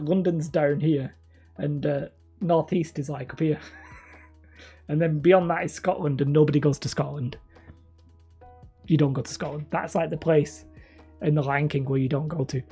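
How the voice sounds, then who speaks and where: Mumbling and a bit whiny, a northern English man rambles through a casual live-stream chat with viewers of his hobby channel, often at his own expense. His voice is mellow and husky, pitched a little high.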